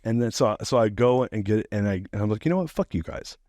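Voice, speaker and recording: A middle-aged man telling a profane, animated story as a podcast guest, laughing now and then. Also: on the low side, fast talker, no echo, studio quality. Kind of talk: casual storytelling.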